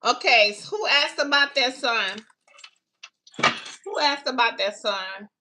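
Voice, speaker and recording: A woman's voice: fairly high pitch, expressive, slow, bright, forceful tone, slight background noise. A woman giving a casual live-stream tarot reading, who chats unhurriedly with viewers and calls them baby and honey. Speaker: tarot reader taking live questions.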